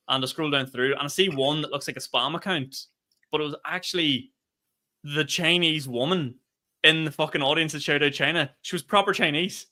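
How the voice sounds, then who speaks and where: A man tells gig stories on a casual podcast, talking quickly and laughing through his lines. His voice is bright and forceful, and his delivery is lively and loose. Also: on the high side. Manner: animated storyteller, laughs mid-sentence, swears freely. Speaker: podcast co-host, stand-up comedian.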